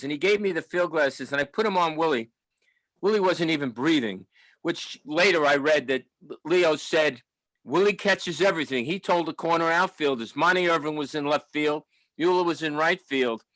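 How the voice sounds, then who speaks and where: A man's voice: fairly high pitch, a bit bright, no room sound, poor audio. Older New man reminiscing. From New York, the Bronx. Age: 70s. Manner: rambling, nostalgic, with restarts and fillers. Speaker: audience member at a book talk. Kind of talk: casual storytelling.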